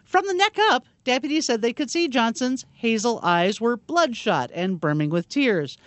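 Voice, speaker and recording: Female radio co-host, expressive news read, dry close studio sound. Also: fairly high pitch, normal speed, no echo. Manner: lively, conversational news reading. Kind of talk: casual radio banter and news reading.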